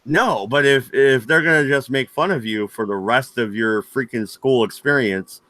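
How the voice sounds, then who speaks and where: Brash American male co-host, bright edgy tone, dry close sound, crude jokes. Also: mid-range voice, moderate pace, no echo. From United States. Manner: brash, swears, laughs at own jokes. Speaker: streamer and podcast co-host. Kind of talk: casual crude banter on a livestream.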